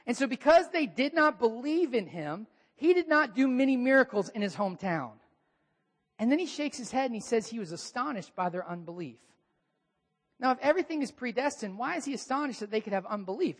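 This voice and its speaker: A man preaching a sermon as a pastor, animated, raising and dropping his voice for emphasis. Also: a little fast. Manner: animated, shifting pitch and volume for emphasis. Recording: long hall reverb.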